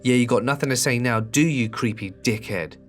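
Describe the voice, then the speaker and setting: A man's voice: mid-range voice, a little fast, faint music behind, close to an everyday voice. A man voicing a young woman who talks back defiantly in a horror story reading. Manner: defiant, confrontational.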